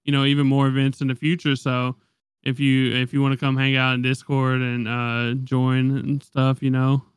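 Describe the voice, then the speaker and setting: A man with a smooth, clear voice talks in a laid-back way as co-host of an anime podcast. The sound is dry and close. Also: mid-range voice, monotone, normal speed, dry recording. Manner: laid-back, plugs the community. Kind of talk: casual chat.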